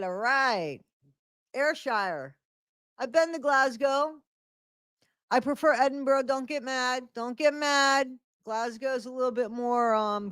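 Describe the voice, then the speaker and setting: A woman's voice: a little high, clean tone, no echo, clean studio sound. A middle-aged woman hosting a casual live stream from home, greeting viewers by name and repeating her phrases. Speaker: livestream host.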